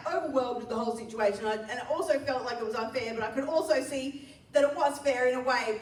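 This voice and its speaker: A young woman preaching, telling a personal story in a chatty, self-deprecating way with frequent laughs. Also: high-pitched. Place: church hall. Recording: echoey hall, mic at a distance.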